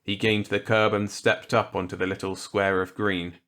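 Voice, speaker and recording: A man narrating a grim short story in a measured, deliberate way. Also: on the low side, flat delivery, fairly bright tone. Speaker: audiobook narrator. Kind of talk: scripted narration.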